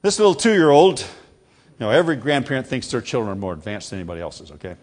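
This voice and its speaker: An older man preaching a sermon to a congregation, emphatic and animated, calling on listeners to repeat phrases after him. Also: on the low side, rapid-fire. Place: before a live congregation.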